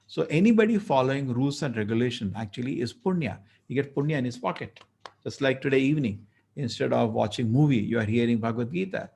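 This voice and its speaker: Husky, gravelly man lecturing. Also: medium pitch, fast talker. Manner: animated, conversational, acts out dialogue. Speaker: temple speaker. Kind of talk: storytelling lecture.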